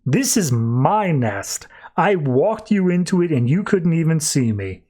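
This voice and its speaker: A man voicing a young man who turns out to be a scheming villain, his pitch jumping higher when he is alarmed. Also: very animated, a little slow, warm tone. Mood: gloating.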